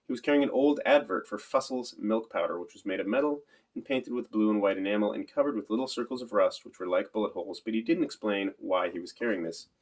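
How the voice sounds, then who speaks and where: Fast, low-voiced male audiobook reader. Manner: literal, matter-of-fact telling. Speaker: audiobook narrator. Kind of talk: scripted first-person narration.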